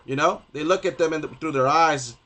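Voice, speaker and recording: A man's voice: a little high, fairly quick, sharp tone. A young man ranting on a gaming stream, profane and rambling, stumbling over restarts and repeating himself.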